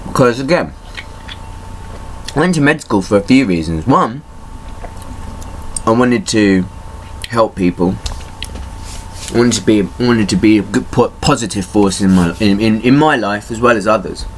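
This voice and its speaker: A man's voice: on the low side, expressive, normal speed, pauses often, slight background noise. Angry man ranting in a vlog. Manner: angry, swearing, rising to rants. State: in pain. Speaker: vlogger. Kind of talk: emotional personal vlog.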